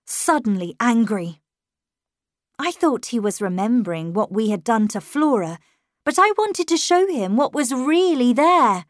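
A woman narrating a classic ghost story as an audiobook in the first person, with measured, expressive delivery on a close studio mic. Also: a little high, no echo. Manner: measured and expressive, dramatic at tense moments.

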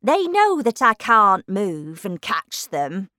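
A woman voicing a proud, bossy female tiger lily in a storybook reading, speaking slowly, loudly and haughtily. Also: mid-range voice, huge pitch swings, no room sound, studio quality, heavily acted. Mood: haughty. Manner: slow, loud, haughty delivery.

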